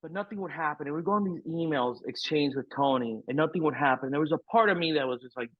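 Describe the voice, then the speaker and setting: Talking fast in a voice on the high side, this middle-aged podcast guest rambles through a candid story, swearing openly and stacking one filler on another. He comes across as frank and profane. It's a dry, tinny, phone-like recording without any room sound.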